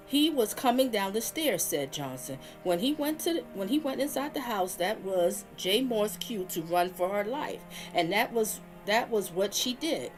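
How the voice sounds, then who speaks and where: A woman hosting her own channel, reading crime news aloud and stopping to react with feeling. Her voice sits at an ordinary middle pitch. Soft music runs faintly underneath. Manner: emotional, reacts aloud between read passages. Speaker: channel host.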